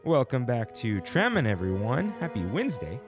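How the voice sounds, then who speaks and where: Over music, a male podcast co-host with a mid-range voice chats casually at a moderate pace, relaxed and rambling with lots of fillers.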